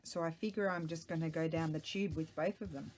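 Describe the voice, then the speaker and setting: A woman's voice: deep voice, steady tone, a little fast, darkish tone, slight background noise. A middle-aged woman, chatting casually and rambling to herself while she works on a craft project at home. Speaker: craft vlogger. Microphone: small microphone.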